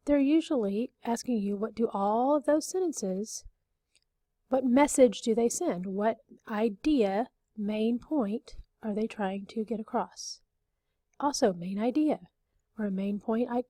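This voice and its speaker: Woman teacher, mid-high and mellow, patient and repetitive, dry close recording. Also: no room sound. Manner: explains patiently, repeats and rephrases, frequent okays. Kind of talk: recorded classroom lesson.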